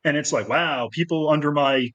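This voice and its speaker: Middle-aged man, slightly high voice, rambling anecdotes, lots of fillers, podcast guest. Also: moderate pace, muffled recording. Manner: rambling, animated anecdotes with many fillers and restarts. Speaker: guest filmmaker. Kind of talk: casual storytelling interview.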